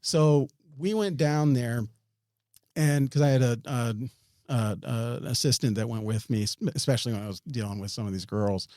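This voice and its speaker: Mellow-voiced man telling a rambling story. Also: mid-range voice, moderate pace, no echo, studio quality. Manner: rambling, frequent restarts and chuckles. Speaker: podcast guest. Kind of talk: storytelling in an interview.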